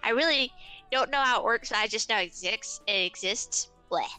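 A woman's voice: a little high, moderate pace, sharp tone, clear, resonant tone, soft background music, rough recording. A woman chatting casually on a live stream, giggling often between remarks. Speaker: co-host.

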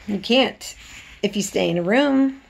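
A woman's voice: mid-range voice, a little slow, creaky, a little hiss or hum, voice pushed up. A woman reading aloud, voicing a blunt, stubborn young girl who speaks obstinately. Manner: obstinate, unsympathetic.

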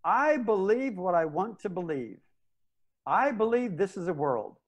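A man's voice: high voice, very animated, a little slow, exaggerated voice. An actor playing a stubborn old space ranger who narrates his own story in an audio drama, blunt and plainspoken. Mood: defiant. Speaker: narrator and lead character.

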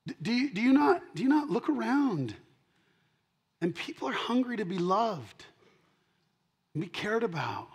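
A man preaching a sermon, his voice sitting a little higher than most men's. He moves from loud, punchy declarations to soft, low asides and repeats his key lines to drive them home. He sounds middle-aged and speaks as a pastor to his congregation. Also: big pitch swings, normal speed, pauses often, slightly rough. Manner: emphatic, swinging between loud punches and quiet asides.

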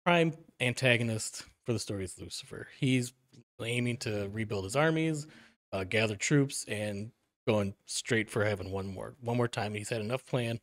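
A man's voice: on the low side, normal speed, dry recording, clean studio sound. A man, an author guest on a podcast, laying out a backstory in casual talk with many fillers and restarts.

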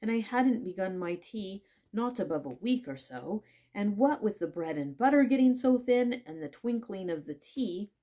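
A woman's voice: medium pitch, expressive, moderate pace, few pauses, mellow, natural voice. A woman voicing a nervous, trembling male hatter who pleads anxiously.

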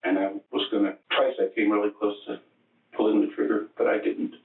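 Under police questioning, a male murder suspect gives halting, matter-of-fact testimony in a low, creaky monotone, often restarting his sentences. The echoey, tinny archive tape catches him from across the room.

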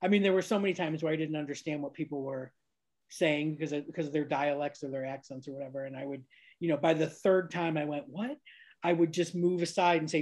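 A woman's voice: low voice, steady tone, fast, darkish tone. A woman from upstate New York hosting a casual interview, chatty and full of fillers, laughing often. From Niagara Falls, New York, USA. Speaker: podcast host. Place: lives abroad, recorded at home with cats.

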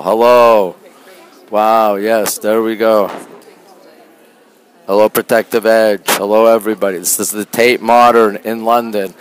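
A Canadian man livestreams a casual tour of an indoor art museum gallery, walking with his phone in hand. He greets viewers by name and often speaks quietly into the phone. His voice sits lowish, and the audio quality is poor.

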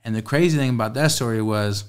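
A man's voice: medium pitch, fast talker, smooth. A man, a guest telling a casual, streetwise story full of profanity. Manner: streetwise, profane, laid-back.

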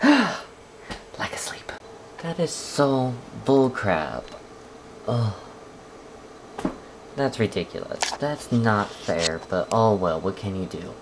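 A man chatting to his camera for a daily vlog, rambling and complaining, with bursts of excitement. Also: fairly low pitch, slow pace, pauses often, noisy background. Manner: rambling, talks to camera, drifts between mumbling and excited outbursts. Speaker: vlogger. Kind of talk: casual vlog chat. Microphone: handheld camera.

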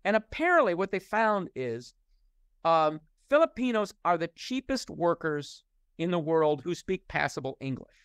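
A man's voice: a little high, very animated, moderate pace, a bit bright, clean tone, dry recording, clean studio sound. A middle-aged man speaking as an interview guest, explaining at length in a thoughtful way with frequent restarts and fillers. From United States. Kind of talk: conversational interview.

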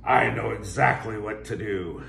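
An older man voicing a boastful, swaggering male skeleton pirate, loud and blustering, in a storybook read-aloud. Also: fairly low pitch, a little slow, vocal fry, roomy sound, noisy background.

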